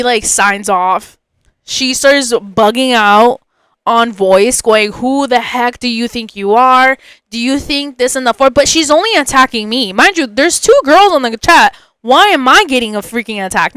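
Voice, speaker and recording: A young woman hosting a podcast, telling a personal story in a casual, animated way with lots of fillers and emphatic asides. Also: fairly high pitch, smooth, no room sound. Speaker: podcast host.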